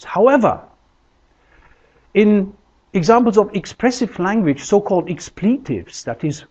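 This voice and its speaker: Man lecturing, lively husky voice. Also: a little high. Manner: measured, explanatory, deliberate pauses. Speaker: linguistics lecturer. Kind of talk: recorded university lecture. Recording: dull lo-fi lecture recording.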